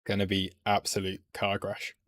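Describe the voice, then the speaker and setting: A man's voice: deep voice, completely flat delivery, moderate pace, fairly bright tone, no echo. A man, chatting playfully on a live trading stream and talking at the price chart.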